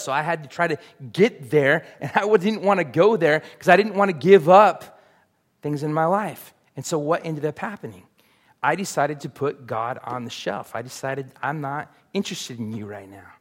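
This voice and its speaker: A man preaching a sermon as pastor, earnest and confessional, building to emphatic peaks. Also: fairly high pitch.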